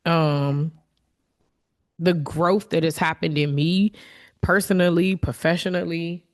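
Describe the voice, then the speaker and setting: Woman, podcast host, deep-pitched, candid, reflective solo talk, openly emotional. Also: steady tone, slow pace.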